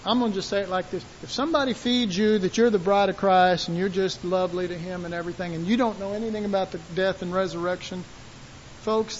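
A man preaching a sermon in an animated way, acting out the voices of God and his listeners. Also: high-pitched. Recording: dull, hissy lo-fi recording.

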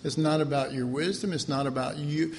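A man delivers a casual, conversational sermon, chuckling as he goes and slipping into quoted voices. His voice sits slightly high for a man and has a gravelly edge. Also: steady tone, a little fast. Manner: folksy, laughing, acts out quoted voices. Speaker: preacher.

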